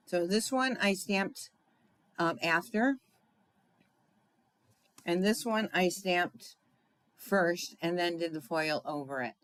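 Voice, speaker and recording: A woman's voice: lowish voice, slow pace, long pauses, no room sound, rough recording. A woman giving a casual live craft demonstration, chatty and thinking aloud, talking to her viewers with fillers and asides.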